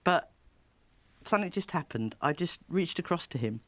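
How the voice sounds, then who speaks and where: A woman, a therapist, telling stories in an interview with a lively, laughing manner. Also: fairly low pitch, normal speed, dry recording. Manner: lively, animated storyteller who laughs often. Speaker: therapist and child coach. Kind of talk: storytelling interview.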